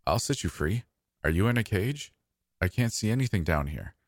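Man reading a shy teenage boy, earnest, nervous, low voice, dry close sound. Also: lively intonation, moderate pace, no echo. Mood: worried. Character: shy sixteen-year-old boy with an unbroken voice.

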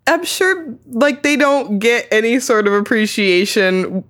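A woman's voice: on the high side, unhurried, fairly bright tone. A woman co-hosting a podcast, chatting casually and reacting to a story with gasps and laughter. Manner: reactive listener, gasping and laughing along. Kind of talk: casual chat.

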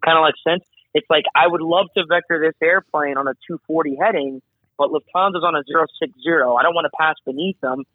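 This fast-talking air traffic controller has a fairly high voice and describes his job in a chatty, animated interview, stacking up asides and performing radio calls. The sound is dry and tinny, as though over a phone, with no echo.

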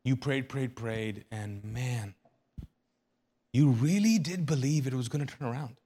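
A man's voice: mid-range voice, measured pace, warm tone, husky. A man preaching a sermon as a pastor, speaking earnestly and conversationally, often repeating and restarting phrases.

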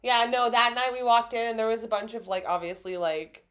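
A lively woman co-host storytelling. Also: a little high, fairly quick, noisy background. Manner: lively storyteller who acts out quotes with laughter. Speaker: podcast co-host. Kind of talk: casual chat.

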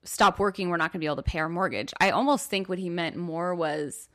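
A woman's voice: fairly low pitch, fast. A woman co-hosting a casual chat, thoughtfully rephrasing and reflecting on what her friend shares. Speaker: podcast co-host.

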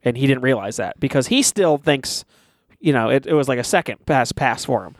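Animated young man retelling a movie. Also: mid-range voice, brisk, no echo. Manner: animated, swears often, acts out quotes. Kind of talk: casual chat, retelling a movie.

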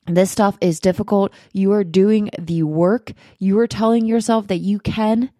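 A woman's voice: medium pitch, fairly even intonation, measured pace, dark tone, no echo, studio quality. A woman giving upbeat, chatty self-help advice straight to her viewers, laughing often. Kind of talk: encouraging direct-to-camera talk.

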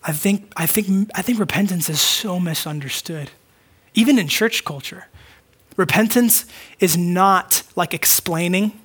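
A man's voice: sits high, unhurried, a bit bright, husky. A man preaching a conversational sermon, acting out short quoted dialogues. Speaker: pastor.

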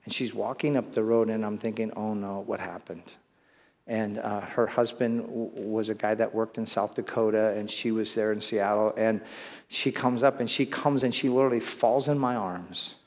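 A man's voice: on the low side, steady tone, moderate pace, a little mellow. A man preaching as a pastor, talking in a conversational and earnest way with many restarts and side remarks. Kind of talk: sermon. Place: church sanctuary. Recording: long hall reverb.

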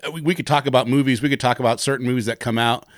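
A man's voice: medium pitch, fairly even intonation, rapid-fire, no echo, clean studio sound. A man co-hosting a podcast, enthusiastic and effusive with his guest. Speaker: podcast co-host. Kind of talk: casual podcast chat.

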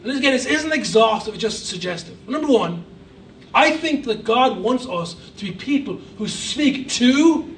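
A man's voice: very high-pitched, lively intonation, moderate pace, roomy sound, recorded from a distance, slight background noise, poor audio. A man preaching a sermon as a guest pastor, emphatic with humorous asides. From Ireland. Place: church hall.

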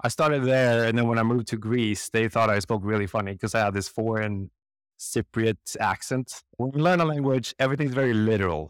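A Swedish man, a guest in an interview, tells stories conversationally with a clear, resonant, mid-range voice at a slightly fast pace. He's animated and acts out the voices of the people he quotes, and the recording is dry.

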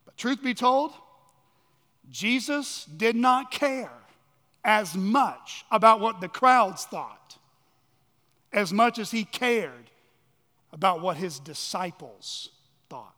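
A man with a strikingly high voice preaches a sermon, pressing hard on key words and then sinking into hushed, slow phrases. His voice rings with a long reverb, as in a church sanctuary. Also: lively intonation. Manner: dramatic preaching, swinging from loud emphasis to hushed lows. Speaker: pastor.

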